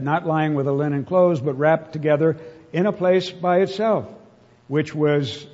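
A man's voice: a little high, a little mellow, slightly rough. A man preaching a sermon, reading scripture aloud with earnest, emotional emphasis. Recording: dull reverberant hall.

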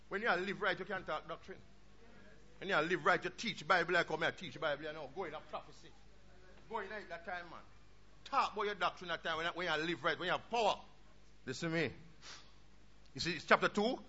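A man preaching a sermon with fervour, dropping into low asides and rising to shouted peaks. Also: brisk. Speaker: pastor. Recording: dull lo-fi recording with faint noise.

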